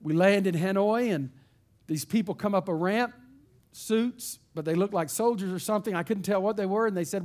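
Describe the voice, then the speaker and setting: Male pastor, higher register, lively folksy sermon storyteller. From East Texas.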